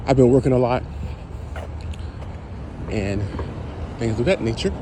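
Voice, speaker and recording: A man's voice: mid-range voice, unhurried, pauses often, mellow, slight background noise. A man giving an upbeat, encouraging wellness vlog to his viewers while walking outdoors. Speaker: health and wellness vlogger. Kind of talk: casual motivational vlog. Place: outdoors, walking on a route with trees.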